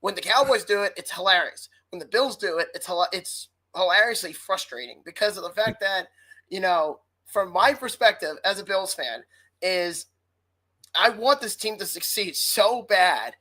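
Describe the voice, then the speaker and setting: A woman's voice: medium pitch, animated, moderate pace, pushed and bright, poor audio. Fired-up, cursing woman sports podcaster. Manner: heated, profane ranting. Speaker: podcast co-host. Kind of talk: casual sports talk.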